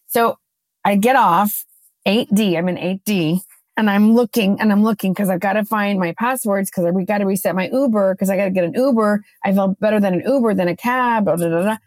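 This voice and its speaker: A woman co-hosting a podcast, chatting casually and telling a lively story, acting out her own quotes. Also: medium pitch, fairly quick, no echo. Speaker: podcast co-host.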